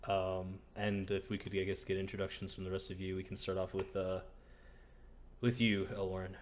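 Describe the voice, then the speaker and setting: Low-voiced man running a tabletop game. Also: little pitch movement, normal speed, a little hiss or hum. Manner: casual, hesitant with many fillers. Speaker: game master.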